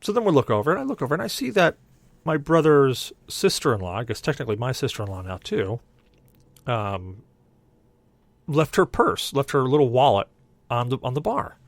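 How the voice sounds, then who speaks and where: A young man spins a rambling story on a podcast, his pitch swinging widely as he acts out what everyone said. The sound is dry and close, with no room around it. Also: moderate pace, no room sound. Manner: animated, voices others in quoted dialogue. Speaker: podcast co-host. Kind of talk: casual storytelling.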